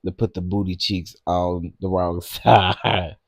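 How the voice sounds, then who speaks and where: A man hosting a casual live stream, chatty and quick to laugh, talking straight to his viewers. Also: sits low, little pitch movement, creaky, dry recording, clean studio sound.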